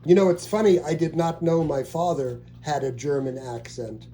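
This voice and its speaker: A man's voice: a little high, fairly even intonation, normal speed, mellow. A middle-aged man in casual family conversation, asking about a relative and rambling through restarts and fillers.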